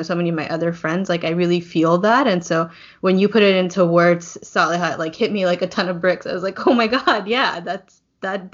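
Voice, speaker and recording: A woman hosting a casual podcast, speaking in a loose way full of fillers. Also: lowish voice. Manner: warm-hearted, loose, filler-heavy. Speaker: host. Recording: dull lo-fi sound.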